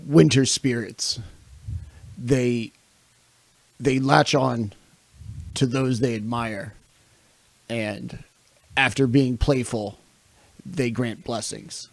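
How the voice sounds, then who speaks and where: A man doing a hushed, solemn winter spirit. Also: medium pitch, fairly even intonation, vocal fry, no room sound, heavily acted. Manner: slow, quiet, halting speech.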